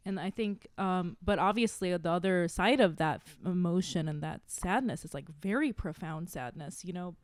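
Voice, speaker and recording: A woman's voice: lowish voice, normal speed, hardly any pauses, no room sound, studio quality. A woman in her thirties, an actress guest on a podcast, talking casually and emotionally, tearful and laughing, with many fillers. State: crying.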